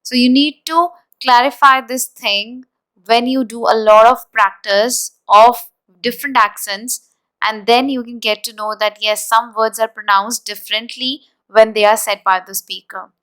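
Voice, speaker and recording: A woman teacher walking through exam answers in a deliberate, explanatory way, spelling words out slowly. Her voice is fairly high and smooth, with a resonant tone. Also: fairly even intonation, fairly bright tone, rough recording. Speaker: IELTS teacher. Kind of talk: exam-prep lesson.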